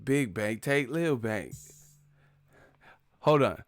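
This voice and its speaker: A man hosting a live chat stream, talking casually and trash-talking commenters with loud bursts and laughs. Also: mid-range voice, lively intonation, slow, faint music behind. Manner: brash trash talk, frequent laughing.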